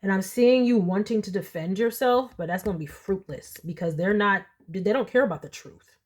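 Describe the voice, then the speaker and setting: A young woman giving a casual pick-a-card tarot reading, chatty and animated, often laughing. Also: mid-range voice, normal speed. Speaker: tarot reader.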